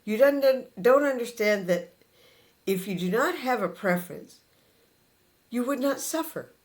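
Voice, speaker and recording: A man giving a spiritual talk to an audience. He speaks to the listeners directly and earnestly, pausing between short phrases and repeating his key points. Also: very high voice, expressive. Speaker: spiritual teacher.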